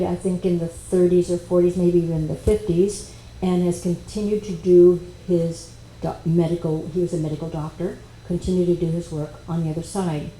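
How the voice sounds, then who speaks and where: Woman workshop speaker, dark low voice, storytelling in an echoey hall with faint hiss. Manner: animated, conversational, with quoted dialogue. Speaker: speaker at a spiritual expo workshop. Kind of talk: personal storytelling talk. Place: expo workshop room. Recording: echoey room with faint noise.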